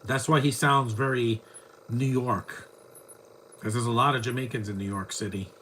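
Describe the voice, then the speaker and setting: Over slight background noise, a man talks through a film live at normal speed, his medium-pitched voice a bit bright and his intonation fairly even. His commentary is casual, chatty and rambling, poking fun at the movie as it plays.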